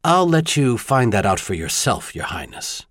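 A man's voice: medium pitch, very animated, moderate pace, a bit bright, dry recording, clean studio sound. A man voicing a tall, kindly advisor in an audiobook, earnest and lightly wry. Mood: teasing.

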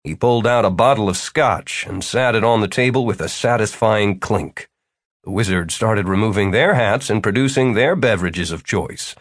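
A man reading a story aloud as a narrator, with wry, expressive storytelling. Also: lowish voice, moderate pace, no echo, clean studio sound. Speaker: audiobook narrator. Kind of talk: scripted narration.

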